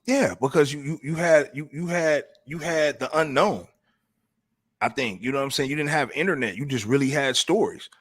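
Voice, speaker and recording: A man hosts a casual talk show in a voice of ordinary, middle pitch. He riffs loosely, piles on slang and keeps restarting his sentences mid-thought. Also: moderate pace, fairly bright tone, slightly rough, no room sound. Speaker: podcast host.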